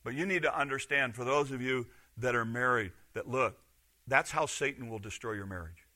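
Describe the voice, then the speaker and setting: A middle-aged man, a pastor, preaching a sermon with emphatic rhetorical questions that swing from loud to hushed. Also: mid-range voice, normal speed.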